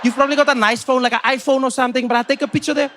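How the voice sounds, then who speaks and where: A brash young South African fan, put on by a male comedian on stage, talking loud and high. He is insistent and bossy, full of slang, and certain he is right. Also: fairly even intonation, racing, slight background noise. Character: brash excitable young Cape Town fan.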